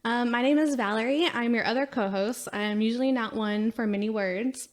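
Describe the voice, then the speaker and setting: A soft-spoken woman with a Texan accent and a slight lisp from braces, co-hosting a podcast in casual chat. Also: fairly high pitch, brisk. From Texas. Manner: soft-spoken, to the point, giggly. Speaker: podcast co-host.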